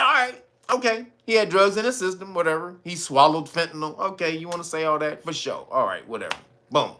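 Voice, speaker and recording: An LA-man rants in a casual commentary, his slangy talk full of laughter and acted-out bits. His voice sits fairly high and bright. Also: brisk. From Los Angeles. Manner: animated, slangy, often laughing and acting out quotes. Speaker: commentary host.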